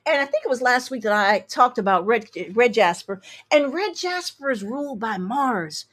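A woman's voice: fairly high pitch, animated, moderate pace, a bit bright. A woman astrologer hosting a show, reading listener emails and giving blunt, sassy advice with emphatic repeats. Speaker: astrologer and tarot reader host.

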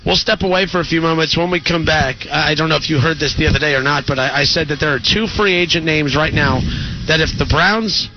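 Chatty sports radio host, muffled. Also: male voice, a little high, steady tone. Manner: chatty, storytelling with quick asides. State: recovering from flu. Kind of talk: casual sports radio chat. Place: live remote broadcast from a restaurant. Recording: dull radio sound with background noise.

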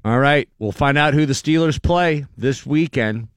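A man's voice: a little high, moderate pace, smooth, no room sound, studio quality. A man hosting a morning radio show, joking casually with his co-hosts. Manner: relaxed, joking, plays back and forth with co-hosts. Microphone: studio microphone.

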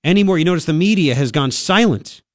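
A man hosting a talk radio show, opinionated and sarcastic, with quick asides. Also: a little high, expressive, dry recording, clean studio sound. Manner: brash, sarcastic, rapid asides. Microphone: studio microphone.

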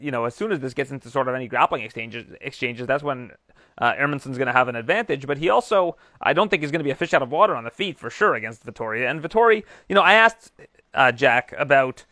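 A man hosting a casual mixed martial arts chat show, talking fast and chatty with many fillers. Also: medium pitch, sharp tone, dry recording, studio quality. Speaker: MMA show host.

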